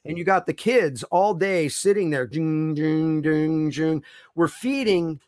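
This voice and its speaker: Earnest, slightly high-voiced male guest. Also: slow pace, darkish tone, no echo. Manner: earnest and concerned, long explanations with restarts. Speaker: podcast guest. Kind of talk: casual interview chat.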